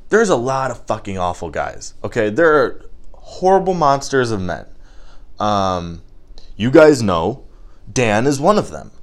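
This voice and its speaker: A man's voice: medium pitch, sing-song, measured pace. A man hosting a podcast, riffing through a profane, self-mocking comedy monologue. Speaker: podcast host.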